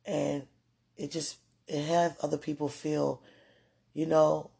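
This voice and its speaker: A woman's voice: low-pitched, flat delivery, slow pace, vocal fry, mellow, slightly rough. A woman hosting a podcast, talking casually and directly to her partner, laughing often. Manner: chatty, laughs often, talks straight to the listener. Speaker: podcast host. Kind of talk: casual monologue addressed to a partner.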